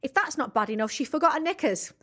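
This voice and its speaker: A woman's voice: sits high, lively intonation, fast talker, fairly bright tone. A woman co-hosting a podcast in casual chat, brash and laughing, swearing freely. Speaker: podcast co-host.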